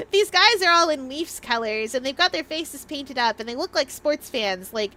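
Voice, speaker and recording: High-voiced Canadian woman streamer, rambling and jokey. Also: lively intonation, bright, forceful tone, slight background noise. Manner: rambling, jokey, quick asides. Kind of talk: casual game-stream chat.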